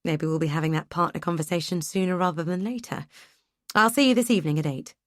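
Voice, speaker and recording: A woman's voice: lowish voice, fast, no echo, studio quality, lightly acted. A woman voicing a genial male boss who speaks politely and cheerfully in an audiobook. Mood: jovial.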